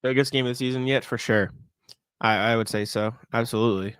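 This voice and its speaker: A young man co-hosting a casual sports podcast, relaxed and rambling, laughing easily. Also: mid-range voice, fast talker, smooth, no room sound. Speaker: podcast co-host.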